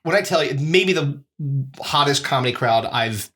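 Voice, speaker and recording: A man's voice: on the high side, moderate pace. A male podcast co-host in loose, profane conversation. He tells stories with energy and keeps slipping into other people's voices as he goes. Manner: animated, swearing, acting out voices in stories. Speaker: podcast co-host and comedy show host. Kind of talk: casual podcast chat.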